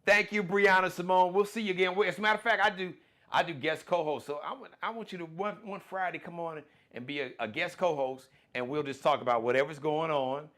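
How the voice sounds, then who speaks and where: A man hosting his own live-streamed talk show, speaking in in a folksy, animated way, full of shout-outs and plugs. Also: on the high side, brisk.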